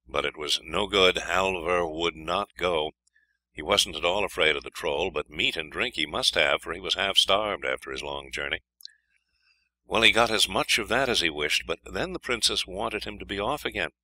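A man reading a fairy tale aloud in an expressive, lively storytelling manner. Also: sits low, moderate pace, no echo, rough recording. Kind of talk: scripted fairy-tale narration.

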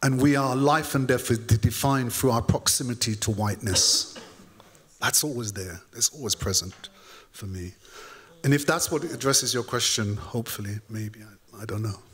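A man's voice: medium pitch, normal speed, fairly bright tone. Earnest man on a panel. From United Kingdom. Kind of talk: panel discussion answer.

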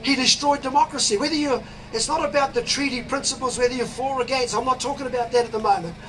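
A man with a New Zealand accent giving a fiery, preachy speech at an outdoor protest, shouting slogans. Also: extremely high pitch, steady tone, fast. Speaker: rally speaker. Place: outdoors at a city demonstration. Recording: crowd and traffic noise outdoors.

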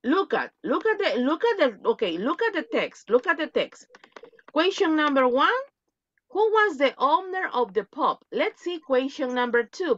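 A woman's voice: high voice, a bit bright, no echo, muffled recording. A woman English teacher on a video call, reading a story aloud and drilling pronunciation, switching between English and Spanish. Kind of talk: online English lesson for Spanish speakers.

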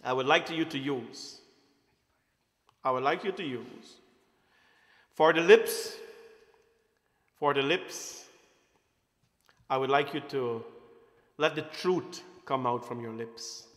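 A man's voice: mid-range voice, takes it slowly, pauses often, fairly bright tone. A man giving an informal, playful talk at a temple satsang, often quizzing his audience. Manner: playful, asks the audience questions. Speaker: temple speaker. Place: temple hall. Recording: roomy hall echo.

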